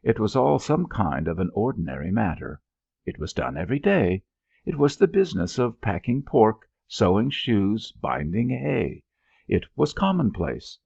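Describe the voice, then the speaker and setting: A man narrating an audiobook in an expressive storytelling manner. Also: on the low side, normal speed, vocal fry, breathy edge, no echo, highs cut off. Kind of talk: scripted narration.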